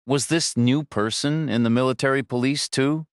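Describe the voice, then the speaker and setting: A man's voice: medium pitch, normal speed, smooth, dry recording, studio quality, pitched above the performer's own voice, natural voice. A man voicing a grieving elderly woman on the phone, wavering, hesitant and resigned. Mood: sad, hesitant. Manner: wavering, resigned, soft-spoken.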